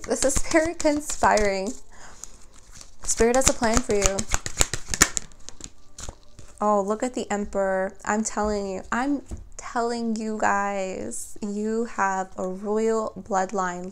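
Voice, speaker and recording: A woman's voice: mid-range voice, background noise. A woman giving a spoken tarot reading, chatty and earnest as she talks straight to her viewers. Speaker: tarot reader.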